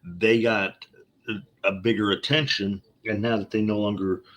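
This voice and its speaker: A man's voice: on the low side, level tone, normal speed, fairly bright tone. A man chatting casually, telling a rambling story in a laid-back way. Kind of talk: casual chat.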